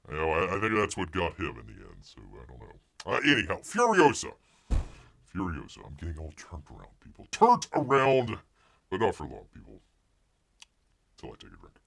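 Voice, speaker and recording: A man's voice: on the low side, fairly bright tone. A middle-aged man hosting a live stream, rambling through movie news and chat comments while calling himself by a nickname in the third person and playing up mock outrage.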